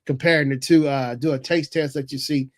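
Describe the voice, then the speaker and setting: A man from North Carolina, hosting a casual live stream in a relaxed, rambling way and often chuckling as he reads chat aloud. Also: medium pitch, fairly quick. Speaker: livestream host reading chat.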